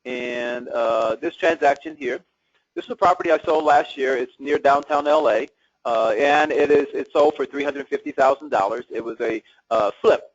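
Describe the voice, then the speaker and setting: A man's voice: medium pitch, moderate pace, no echo. A man leading a real estate seminar, chatting with the audience and asking them questions as he goes. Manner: conversational, asks the audience questions. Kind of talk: live seminar talk to an audience. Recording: dull lo-fi seminar recording.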